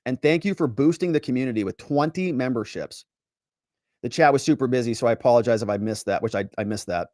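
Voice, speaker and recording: A man who is a lawyer hosting a livestream, giving sarcastic, animated commentary and reading viewer chat aloud. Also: medium pitch, quick pace, no room sound, studio quality.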